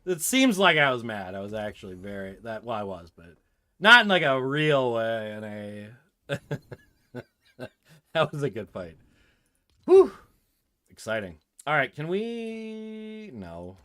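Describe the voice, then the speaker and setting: A man streaming a video game, chatting casually and muttering to himself between loud outbursts. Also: mid-range voice, very animated, a little slow, pauses often, no room sound. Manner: swears and laughs loudly at game moments, mutters otherwise. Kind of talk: casual gameplay commentary.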